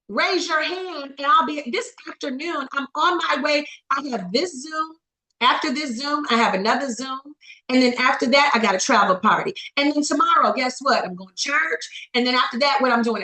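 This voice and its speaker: A woman's voice: high voice, bright, forceful tone, roomy sound, low-quality recording. A woman coaching on a video call, preaching motivation with rhetorical questions and calling on listeners by name. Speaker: network marketing coach. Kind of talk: motivational training talk.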